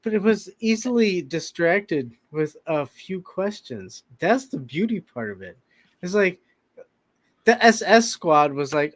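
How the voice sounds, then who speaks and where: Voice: medium pitch, sing-song, a little slow. Joking, rambling podcast co-host. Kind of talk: casual podcast chat.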